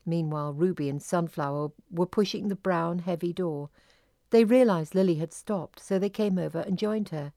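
A woman reading a children's fairy story aloud, slowly and carefully. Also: on the low side, dark tone, dry recording, studio quality.

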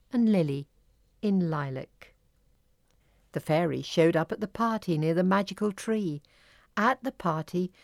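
A woman reads a children's fairy story aloud in a slow, careful way. Her voice sits a little low. The recording is close and dry. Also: vocal fry, darkish tone, no room sound.

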